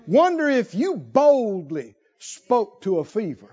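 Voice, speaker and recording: Male preacher, high and animated, slow drawling emphasis, shouted peaks, dull recording. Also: breathy edge. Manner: animated, swings from low asides to loud shouted climaxes; drawls emphatic phrases slowly. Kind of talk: sermon.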